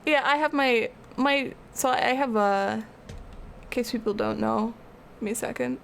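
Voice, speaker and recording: A woman's voice: on the high side, measured pace, creaky, a little hiss or hum. A young woman art streamer rambling casually as she answers her live chat.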